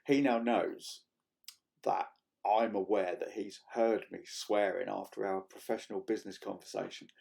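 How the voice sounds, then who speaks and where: A man, rambling casually to camera in a vlog, swearing freely and filling pauses with ums and restarts. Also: sits low, vocal fry, warm tone. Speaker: vlogger.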